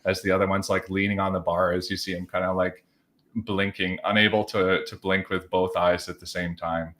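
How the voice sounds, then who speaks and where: A man's voice: deep voice, little pitch movement, moderate pace, fairly bright tone. A man running a tabletop role-playing game, narrating in long, rambling chains of "as he just says" with lots of fillers. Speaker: game master.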